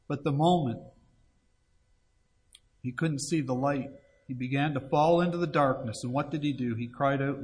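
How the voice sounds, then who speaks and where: A man with a higher voice preaches an evangelistic sermon unhurriedly, leaving long pauses. He pleads earnestly and reads scripture aloud in old-fashioned wording.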